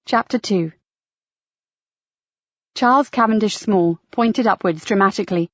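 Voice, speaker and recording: A woman narrating a mystery audiobook in a measured, even storytelling manner. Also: medium pitch, no echo, dull audio.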